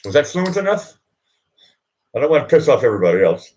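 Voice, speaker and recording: A man's voice: fairly high pitch, very animated, quick pace, pauses often, darkish tone. A man hosting a casual live chat, telling rambling stories with frequent laughs and fillers. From Boston. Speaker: live stream host. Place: indoors at home.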